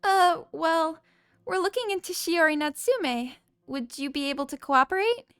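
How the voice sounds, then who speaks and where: A woman's voice: very high voice, moderate pace, fairly bright tone, no echo, studio quality, faint music behind, voice pushed up. A woman voicing a polite, eager teenage schoolgirl reporter in a game. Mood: earnest.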